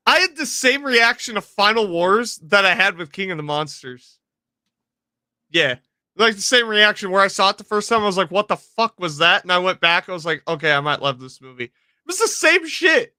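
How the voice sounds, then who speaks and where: A man co-hosting a casual podcast, telling stories in an animated, profane way. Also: high voice, normal speed, dry recording, clean studio sound. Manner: animated storyteller, profane, laughs often. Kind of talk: casual chat.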